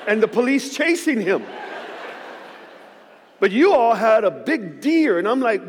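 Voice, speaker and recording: Animated male preacher in a reverberant church. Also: high-pitched, measured pace, pauses often. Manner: animated storytelling with joking asides. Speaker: guest pastor. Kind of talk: sermon. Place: church sanctuary.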